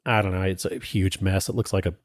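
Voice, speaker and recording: A man's voice: deep voice, fairly even intonation, fast, dry recording, studio quality. A middle-aged man with a slight Southern American accent, a painter hosting a podcast, bantering in an easygoing way and laughing often. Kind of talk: casual chat.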